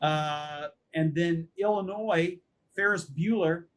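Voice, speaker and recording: A man co-hosting a podcast in casual chat, briskly listing items in an easygoing way. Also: on the high side. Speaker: podcast co-host.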